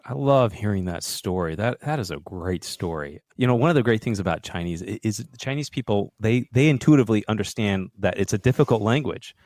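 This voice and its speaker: Middle-aged guy hosting a podcast, low voice, dry close sound, encouraging, chuckles a bit. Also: animated, a little fast, few pauses, a little mellow, no room sound. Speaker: podcast host. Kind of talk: casual interview.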